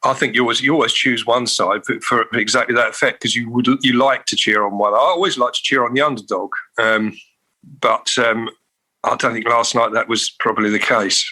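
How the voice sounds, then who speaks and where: A man's voice: mid-range voice, steady tone, a little fast, pushed and bright. A man co-hosting a podcast in casual chat, laughing often and restarting his sentences. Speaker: podcast co-host.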